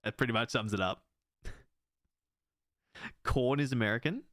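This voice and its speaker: A man's voice: mid-range voice, moderate pace, a bit bright, no echo, studio quality. An Australian man in his thirties, chatting and rambling casually while he plays a game, laughing often. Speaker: gaming streamer. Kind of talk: casual chat while playing.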